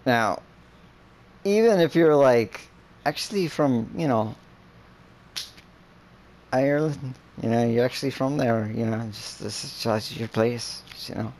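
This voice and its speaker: A man in casual chat, rambling with many fillers and breaking into profane, animated rants. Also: mid-range voice, a little slow, long pauses.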